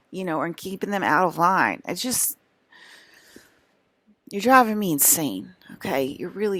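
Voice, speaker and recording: A young woman with a low voice rambles on to her camera, scolding and exasperated. She circles back on herself with plenty of ums and likes. The sound is close and dry. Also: no room sound. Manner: exasperated, scolding, repeats herself with many fillers. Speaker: vlogger.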